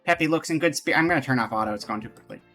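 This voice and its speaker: A man streams a game live, chatting with his viewers and reading the on-screen text aloud. His voice is bright and forward, at an ordinary pitch for a man. Faint music plays underneath. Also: expressive, racing. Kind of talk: casual live game commentary.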